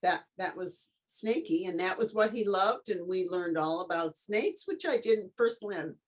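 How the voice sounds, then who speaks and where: A middle-aged woman, both author and tutor, is an interview guest telling a lively story and acting out each person's voice, in a lowish voice at normal speed.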